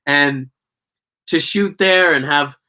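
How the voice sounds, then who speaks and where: A Canadian man, an actor and guest, telling stories in a casual interview, animated and profane, often laughing. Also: fairly high pitch, takes it slowly.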